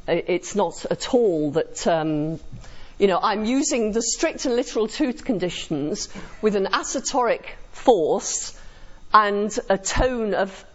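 A woman giving a philosophy lecture to students, chatty and often checking understanding with tag questions. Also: mid-range voice. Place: classroom. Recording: dull lo-fi classroom recording.

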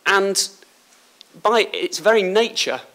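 A man from Liverpool with a slight Liverpool accent gives a school talk as a surgeon, chatty and joking with the pupils. His voice sits a bit high for a man and sounds bright and forceful. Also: lively intonation, slow. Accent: Liverpool English. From Liverpool, England. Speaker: guest speaker, surgeon. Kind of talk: school speech. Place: school hall.

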